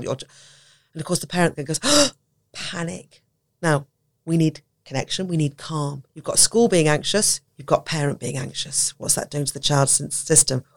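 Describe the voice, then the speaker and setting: A woman talks in a relaxed podcast chat and drops into little acted voices of teachers and children as she explains. Her speech is lively and expressive, and she laughs easily. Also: sits low, moderate pace. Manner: animated, acts out quoted voices, laughs often. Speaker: podcast guest, autism educator. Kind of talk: conversational podcast talk.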